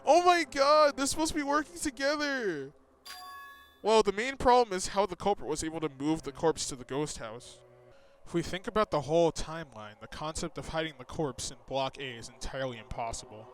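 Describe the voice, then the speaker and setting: A man doing gameplay commentary, reading game dialogue aloud and reacting excitably, swearing and laughing. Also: on the high side, brisk. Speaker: let's-play gamer. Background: faint game music.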